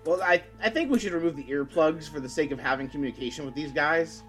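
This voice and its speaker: A man's voice: a little high, fast, a bit bright, faint music behind. A man playing a tabletop game, talking casually in a hesitant, rambling way. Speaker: player.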